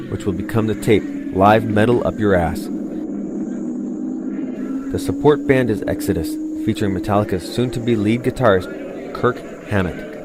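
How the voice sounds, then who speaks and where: Guy narrating a documentary, lowish voice, steady tone, loud rock guitar behind. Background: music.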